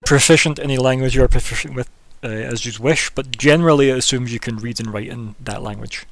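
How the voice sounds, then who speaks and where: A man narrating as game master in an online tabletop game, describing scenes in a relaxed, rambling way. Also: medium pitch, quick pace.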